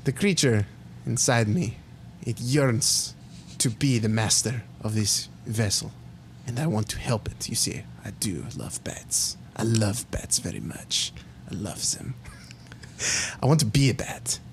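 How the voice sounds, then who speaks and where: A man voicing a nervous male scientist obsessed with bats, in a put-on Russian accent, high and stammering. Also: unhurried, a little hiss or hum. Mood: menacing. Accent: fake Russian. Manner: high-pitched, stammering, defensive. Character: nervous male bat-loving lab scientist.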